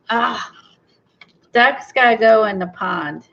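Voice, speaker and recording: A woman's voice: medium pitch, unhurried, gravelly, long pauses. A woman chatting and thinking aloud while she works on a craft project, gushing over small finds. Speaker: craft video host. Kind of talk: casual crafting chat. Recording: dull lo-fi sound.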